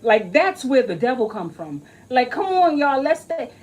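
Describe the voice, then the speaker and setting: A woman's voice: sits high, sing-song, moderate pace, darkish tone, rough recording. A woman talking straight to camera in a casual vlog about an astrology reading, swearing often, emphatic and joking as she rambles.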